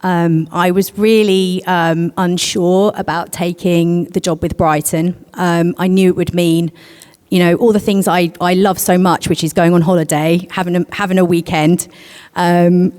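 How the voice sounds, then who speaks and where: A woman with a lowish voice shares her own story on a conference panel. She talks candidly and hesitantly, with frequent pauses. Her voice rings with the long reverb of a large hall. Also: a little mellow. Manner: candid, hesitant with many pauses, gets emotional. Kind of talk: panel discussion, personal story.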